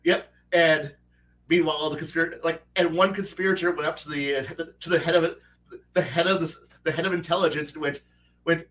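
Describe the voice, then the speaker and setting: Animated man telling game stories, far from mic. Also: a little high, a little fast. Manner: animated storyteller who acts out quoted characters; stammers and restarts often. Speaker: host and game master. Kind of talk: casual livestream chat. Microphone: online call mic. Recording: voice distant from the mic.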